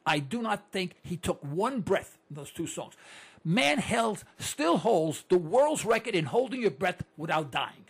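This sixty-something male broadcaster speaks at a measured pace in a high-pitched voice marked by vocal fry and a breathy edge, sounding very animated. He chats to listeners in an anecdotal monologue, asking rhetorical questions and repeating words frequently.

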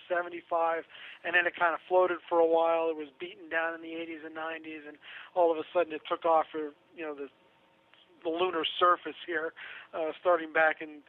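A man talking casually on a radio show, chatty and sarcastic, laughing through his own asides. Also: a little high. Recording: tinny phone line.

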